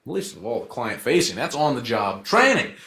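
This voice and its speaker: A man arguing his side in a debate as a lawyer, in a joking and rhetorical way with quick asides. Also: medium pitch, wildly swooping pitch, gravelly, bright, forceful tone. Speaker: debater, law firm associate. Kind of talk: informal debate argument. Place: event room. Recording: echoey room.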